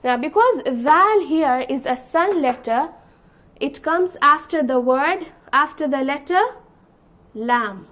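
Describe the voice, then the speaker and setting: A woman's voice: high voice, expressive, measured pace, fairly bright tone. A woman teaching a beginner's language lesson, explaining patiently, repeating herself and checking understanding with "okay?". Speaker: Arabic teacher. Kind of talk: slow classroom explanation.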